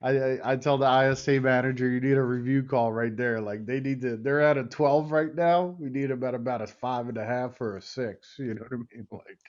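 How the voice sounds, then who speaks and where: Slangy male host, mid pitch, slightly dull lo-fi audio. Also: steady tone, a little fast, hardly any pauses. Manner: casual, slangy, "you know what I mean". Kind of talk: casual interview chat.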